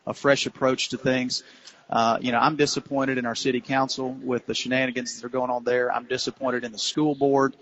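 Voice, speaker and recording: A man with a Louisiana accent answers questions on a live remote radio broadcast from a cigar shop. He speaks earnestly at a mid pitch, with plenty of "uh"s and "you know"s. The sound is dull and lo-fi, like AM radio. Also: a bit bright. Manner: earnest, campaign-style talk with many "uh"s and "you know"s. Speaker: city council candidate.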